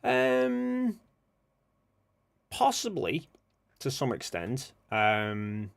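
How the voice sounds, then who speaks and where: A man hosting a casual livestream, muttering quietly to himself as he works, then speaking up to address his viewers. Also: medium pitch, wildly swooping pitch, drawn-out words, creaky, smooth. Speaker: livestream host. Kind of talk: casual livestream chat, thinking aloud.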